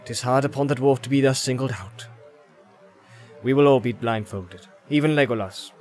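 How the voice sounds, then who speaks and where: A man's voice: mid-range voice, normal speed, a little mellow, lightly acted. Man doing a firm, commanding ranger leader. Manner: firm, authoritative. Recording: background music.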